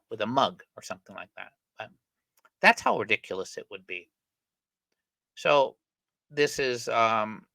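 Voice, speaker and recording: This middle-aged man hosts a channel and offers casual commentary on an article he's reading, rambling with plenty of fillers and self-corrections. His voice is medium-pitched and sharp. The recording is dry and low in quality.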